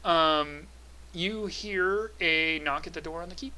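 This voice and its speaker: A man runs a tabletop game as game master, describing scenes in a relaxed, halting way with plenty of filler sounds. His voice is very bright and sharp, set slightly high. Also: low-quality recording.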